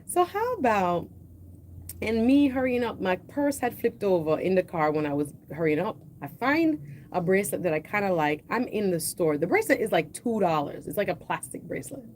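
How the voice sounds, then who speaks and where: A middle-aged Jamaican woman telling a story on her livestream in a chatty, animated way, slipping now and then into patois. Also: on the high side, slight background noise. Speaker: livestream host.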